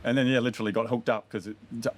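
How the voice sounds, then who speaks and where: A man in his forties with an Australian accent, a podcast guest telling travel stories in a lively, casual way and swearing freely. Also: mid-range voice, rapid-fire. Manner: animated storyteller, acts out voices, swears freely. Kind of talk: casual interview storytelling.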